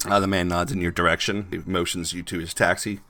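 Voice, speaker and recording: A man's voice: deep voice, flat delivery, fast talker, pushed and bright. A man narrating scenes as game master of a tabletop game.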